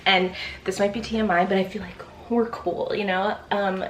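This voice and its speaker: A woman's voice: medium pitch, fairly even intonation, moderate pace, a little hiss or hum. A young woman in her twenties chatting casually in a vlog, rambling with lots of fillers, out of breath after a workout. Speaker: vlogger. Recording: echoey room.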